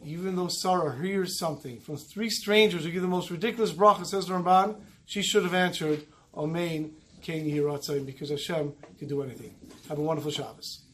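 A man with a high voice delivers a Torah class as a story. He voices each character in turn, climbing when they plead and sinking almost to a murmur at the grave moments. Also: fairly quick, poor audio. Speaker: rabbi teaching a Torah class.

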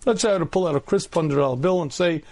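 Man, 50s, rabbi, Torah lecture, humorous storytelling, throat clearing, higher voice. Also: fast talker, a little mellow. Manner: humorous, acts out voices in anecdotes.

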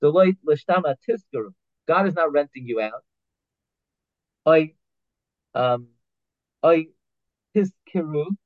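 A man's voice: on the high side, animated, slow, pauses often, no echo. Man teaching Talmud law on a tinny line. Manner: reads Hebrew phrases then explains them in English, with restarts and fillers. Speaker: Torah teacher. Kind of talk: halacha class, translating Hebrew text line by line. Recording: tinny phone-like line, dry.

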